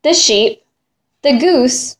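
A woman reading a children's picture book aloud in a sing-song, drawn-out way, imitating animal sounds. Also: high-pitched, lively intonation. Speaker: storyteller.

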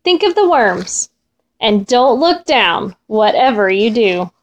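A woman voicing an eager, encouraging male fox in a storybook tale, speaking in a bright, coaxing, upbeat way. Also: a little high, very animated, takes it slowly, lo-fi sound.

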